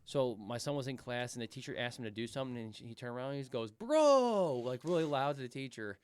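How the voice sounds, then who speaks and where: A man co-hosts a casual podcast, talking fast and rambling through his points with plenty of repeated words and offhand swearing. His voice is close and dry, with no room around it. He sounds like a parent in his thirties. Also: mid-range voice, steady tone, smooth, dry recording. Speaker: podcast co-host.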